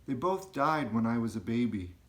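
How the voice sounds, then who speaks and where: A man reading a calm little orphan girl. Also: mid-range voice, moderate pace, natural voice. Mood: matter-of-fact. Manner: plain, matter-of-fact. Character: young orphan girl, calm and plain-spoken.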